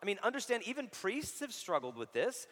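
A man's voice: high-pitched, very animated, a little fast, a bit bright. A man in his thirties giving a casual, joking sermon-style talk, saying dude a lot as he speaks about faith. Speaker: Catholic speaker. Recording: reverberant hall.

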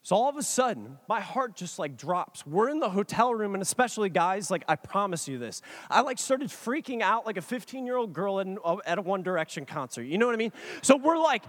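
High-voiced, excitable male storyteller. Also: brisk, hardly any pauses. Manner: excitable, animated, acts out chat messages. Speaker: speaker addressing an audience. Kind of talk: comic personal storytelling.

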